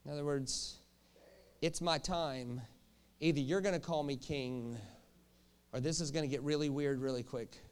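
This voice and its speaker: A man preaching a sermon in a jokey, animated way, often checking in with the crowd with quick questions. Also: a little high, smooth. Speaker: pastor.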